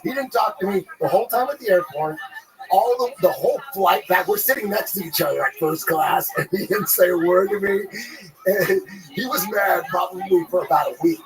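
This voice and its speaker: A man telling a rambling, profane story in casual podcast chat, animated and full of restarts. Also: high voice, brisk, vocal fry, over music, poor audio.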